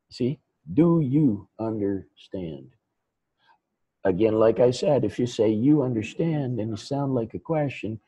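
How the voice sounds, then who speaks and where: Slow, patient male English teacher. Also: mid-range voice, warm tone, slightly rough, muffled recording. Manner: slow, patient, repeats points with example sentences. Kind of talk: explaining grammar in a lesson.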